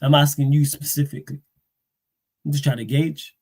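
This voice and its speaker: A man, hosting a football livestream, talking in a slangy, animated way and firing off rhetorical questions. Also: a little high, normal speed. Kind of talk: casual live-stream rant.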